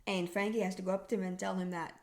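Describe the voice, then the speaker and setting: A woman's voice: mid-range voice, little pitch movement, very fast, darkish tone. A young woman co-hosting a podcast, recapping an episode in casual chat, laughing often. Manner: chatty, laughs often, acts out character lines. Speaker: podcast co-host.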